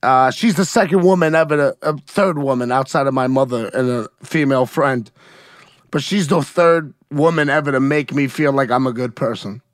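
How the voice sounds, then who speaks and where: In a studio-quality recording without echo, an American interview guest talks openly and with emotion about how he feels, frequently adding "you know what I mean?" He has a medium-pitched voice and a normal pace in this candid, conversational interview.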